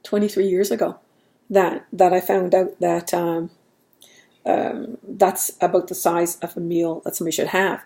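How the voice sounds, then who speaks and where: A woman's voice: on the low side, flat delivery, normal speed, creaky, dark tone. A woman talking in a casual, rambling way at home, laughing at herself as she goes. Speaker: vlogger. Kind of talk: casual chat.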